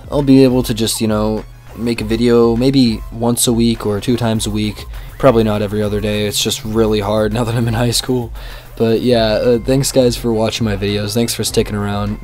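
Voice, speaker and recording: A young man doing casual reaction commentary, excitable, crude and jokey, swearing often. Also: on the low side. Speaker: YouTube commentary creator.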